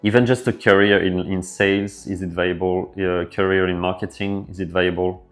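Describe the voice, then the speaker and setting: A man with a French accent, hosting a casual developer livestream and answering viewer questions in a relaxed way with lots of fillers. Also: low-pitched, normal speed. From France. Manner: relaxed, filler-heavy, thinking aloud. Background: faint background music.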